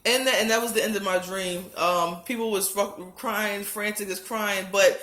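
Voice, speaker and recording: A vlogger speaks to the camera in an echoey room, recounting a religious dream with emotion. Her mid-range voice is bright and forceful, her intonation fairly even and her speed normal. With her heart racing and tears close, she pleads earnestly, repeats herself, and restarts many times.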